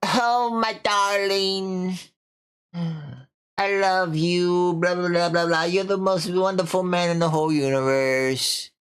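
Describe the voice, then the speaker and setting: Swooning lovestruck young wife, as a male streamer puts her on, gushing sing-song, pitched up high. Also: slow, fairly bright tone, clean tone.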